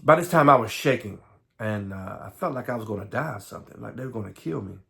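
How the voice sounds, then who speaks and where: A man from the Southern United States telling his own life story, halting and earnest, often repeating words and close to tears. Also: lowish voice, expressive, vocal fry, sharp tone. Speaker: vlogger.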